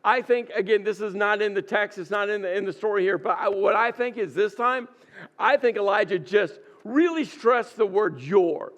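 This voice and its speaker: A man preaching a sermon as pastor, dramatic and often dropping to a soft, hushed voice. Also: sits high, moderate pace, muffled recording. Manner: dramatic, drops to soft near-whisper.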